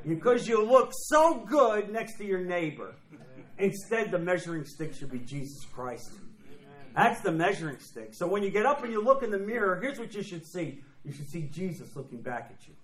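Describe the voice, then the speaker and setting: A man preaching in an emphatic, repetitive sermon style, often slipping into quoted voices. His voice sits high, and the sound carries a roomy echo, as in a church sanctuary. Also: a bit bright. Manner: emphatic, repeats phrases, acts out quoted voices. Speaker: pastor. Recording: echoey room.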